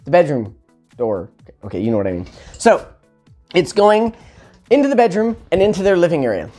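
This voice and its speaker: A man spins a comic story about himself in a relaxed vlog style. His pitch jumps around animatedly as he mocks his own mistakes with sarcastic little asides. Quiet music plays faintly behind him. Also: fairly quick. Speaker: vlogger telling a personal story. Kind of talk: casual storytelling.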